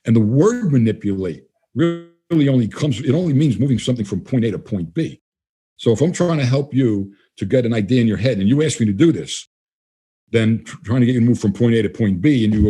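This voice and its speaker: List man, husky, mellow tone, rapid delivery, blunt and emphatic, interview guest. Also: on the low side. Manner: blunt, emphatic, acts out dialogue. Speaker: guest trainer. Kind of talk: casual interview talk.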